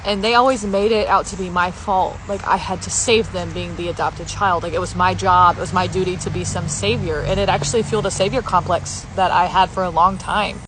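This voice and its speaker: Heartfelt woman with a low voice. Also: fairly even intonation, fairly quick, hardly any pauses, noisy background. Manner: heartfelt, repetitive affirmations, tearful at times. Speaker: healing content creator. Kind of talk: emotional personal sharing to camera.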